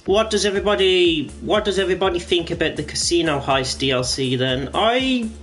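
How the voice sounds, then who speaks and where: A man's voice: high voice, fairly quick, fairly bright tone, faint music behind. A man chatting casually to viewers while streaming a game, rambling and swearing now and then. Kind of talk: casual gaming stream commentary.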